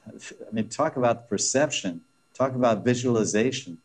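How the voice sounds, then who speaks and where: A man's voice: mid-range voice, moderate pace, breathy edge. A man teaching a scripture class, retelling a story with laughing asides and frequent restarts. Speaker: religious teacher.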